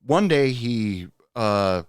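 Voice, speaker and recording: A man hosting a podcast, telling a personal story in a casual, rambling way with lots of pauses. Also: medium pitch, clean tone, no room sound. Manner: rambling, many "uh" pauses, animated when quoting. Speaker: podcast host and bartender.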